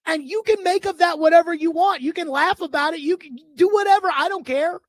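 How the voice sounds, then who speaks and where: A man hosting a sports radio talk show, ranting in an animated, emphatic and indignant way into a studio microphone. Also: very high voice, fairly quick, no room sound.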